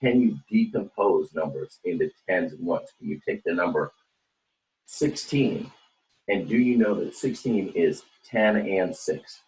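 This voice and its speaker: A man's voice: low-pitched, expressive, a little slow, a little mellow. A man teaching an online class, leading counting and chants in a cheerful sing-song way. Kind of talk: online class morning meeting. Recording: echoey room.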